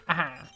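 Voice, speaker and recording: Chatty woman streaming a game, bright-toned. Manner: chatty, excitable, self-deprecating. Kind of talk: casual gameplay commentary.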